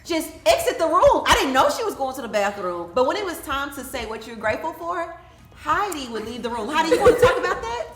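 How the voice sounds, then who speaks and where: A ministry leader hosting a reunion leads a casual group conversation, telling stories animatedly with plenty of laughter. Her voice is high-pitched and quick, in an echoey room with background noise.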